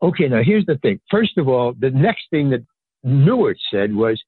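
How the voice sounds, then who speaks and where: At a moderate pace, an older man with a husky voice tells a story as a guest, animatedly voicing the dialogue with pitch jumps. The anecdote rambles with fillers and restarts, heard over dry, echo-free, tinny phone-line audio.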